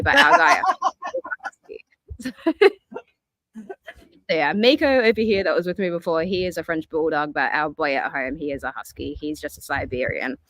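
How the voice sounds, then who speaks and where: A woman's voice: deep voice, fairly bright tone, no echo, rough recording. A young Australian woman with an Australian accent, chatting casually on a live stream and laughing often over a remote call. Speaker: aquarium maintenance guest.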